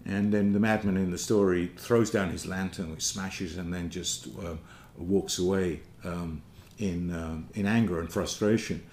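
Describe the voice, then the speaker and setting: A man's voice: sits low, fairly even intonation, a little slow, darkish tone, a little hiss or hum. A man giving an informal theology lecture, thoughtful and searching for words. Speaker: speaker giving a talk on theology. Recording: roomy echo.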